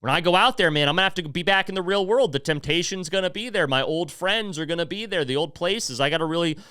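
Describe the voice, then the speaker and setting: A man's voice: fairly high pitch, fast, pushed and bright, smooth, no echo, studio quality. A man voicing a nervous but hopeful recovering addict who is musing earnestly to himself about staying sober. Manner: earnest, self-encouraging musing.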